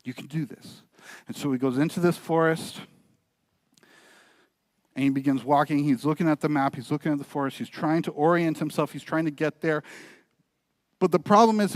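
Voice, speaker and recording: A man's voice: a little high, brisk, no room sound. A male pastor preaching a sermon, telling a story and urging his listeners earnestly. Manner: storytelling, building to earnest, quieter exhortation. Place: church.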